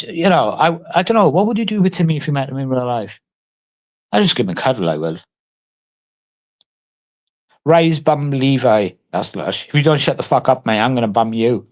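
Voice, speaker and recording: A man on a casual livestream, taunting and mock-threatening someone in crude, heavily sworn banter. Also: mid-range voice.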